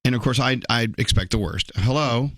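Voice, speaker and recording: A man's voice: medium pitch, brisk, no room sound, studio quality. Wry, teasing male radio host. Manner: wry, teasing humor mixed with earnest talk. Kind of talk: morning radio talk. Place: radio studio.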